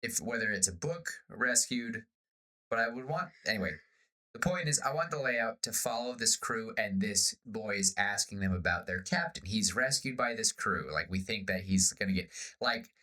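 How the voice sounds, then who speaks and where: A man co-hosting a podcast, pitching a story idea in casual chat and acting out pirate lines in bursts. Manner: animated, acts out pirate lines in quick bursts. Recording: slightly off-sounding podcast audio.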